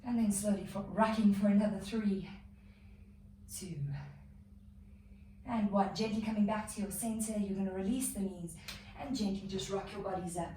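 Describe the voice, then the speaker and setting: A woman's voice: medium pitch, steady tone, moderate pace, long pauses, warm tone, slight background noise. A woman leading a yoga-inspired abs workout, out of breath, cueing counts and breathing with encouragement. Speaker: yoga instructor. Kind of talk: guided workout instruction. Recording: echoey room, mic far off.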